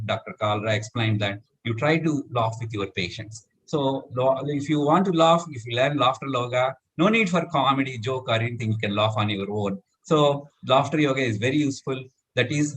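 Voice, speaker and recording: A middle-aged man teaching laughter yoga, talking the group through the steps and breaking into loud cheers and laughter. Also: medium pitch, husky. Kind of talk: live demonstration talk.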